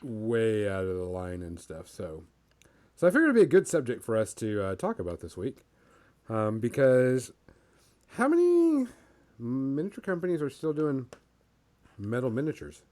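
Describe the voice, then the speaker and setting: Animated male podcast host. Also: medium pitch. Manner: animated, halting with fillers. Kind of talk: casual chat.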